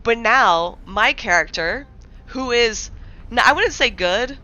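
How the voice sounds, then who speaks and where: A young woman from the Midwest rambles to her stream viewers in a bright, sharp voice, piling on fillers and half-finished thoughts. The audio is a little muffled and dull, like a typical home stream mic. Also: a little high, expressive, slow pace. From American Midwest. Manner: rambling, filler-heavy, many likes and restarts. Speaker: livestreamer. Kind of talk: casual livestream chat.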